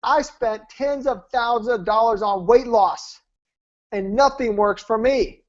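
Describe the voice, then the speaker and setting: A stubborn, skeptical woman nurse who refuses to be convinced, quoted by a man in his own voice. She sounds flat and dismissive. The audio is dull and lo-fi. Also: extremely high pitch, measured pace.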